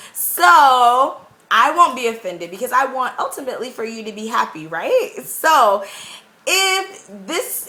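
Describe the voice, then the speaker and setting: Chatty, bright-voiced woman vlogging. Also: sits high. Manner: chatty, rambling, animated. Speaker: vlogger and English teacher. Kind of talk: casual talking-head vlog. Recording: echoey room.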